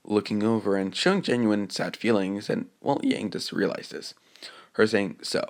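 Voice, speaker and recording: Gravelly low-voiced man telling a rambling fan story. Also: moderate pace. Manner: hesitant, rambling, many filler words and restarts; reads characters' lines in a mostly plain voice. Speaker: fan-fiction narrator. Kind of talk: improvised retelling of a fan story.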